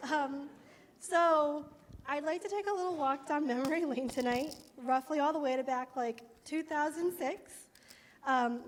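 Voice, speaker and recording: A woman's voice: high voice, long reverb tail. A woman, the bride's sister, giving a nervous wedding toast, laughing and stumbling over her words at a reception.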